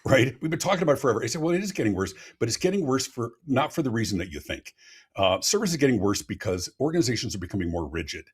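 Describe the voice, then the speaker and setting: Racing along in a husky, medium-pitched voice, a man tells animated stories as a customer experience expert on a live podcast. He's heard over a remote call and keeps repeating words as he starts sentences.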